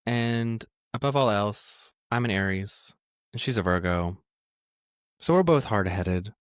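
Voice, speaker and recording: A woman co-hosting a casual podcast, talking in an animated, self-mocking and jokey way. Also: rumbling low, measured pace, clean tone, no echo, clean studio sound. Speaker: podcast co-host. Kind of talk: casual chat.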